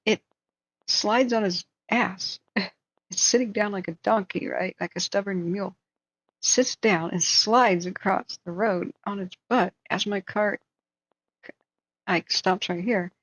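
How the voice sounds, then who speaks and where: A woman's voice: medium pitch, slow, a bit bright, dry recording. A woman hosting a live stream, chatting casually and thinking aloud as she tells a story. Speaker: livestream host. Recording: dull, dry lo-fi sound.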